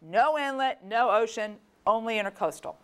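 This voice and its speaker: Animated woman telling a family story. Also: on the high side, moderate pace, clean tone. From Florida, USA. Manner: animated, acts out quoted voices. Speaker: speaker. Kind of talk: personal storytelling talk.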